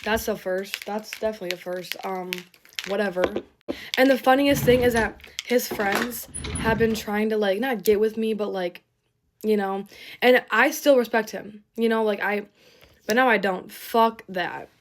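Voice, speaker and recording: A woman's voice: medium pitch, moderate pace, slight background noise. Young woman for a chatty, rambling storytime vlog, emotional and foul-mouthed. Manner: rambling, emotional, swears freely. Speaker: storytime creator. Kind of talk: get-ready-with-me storytime.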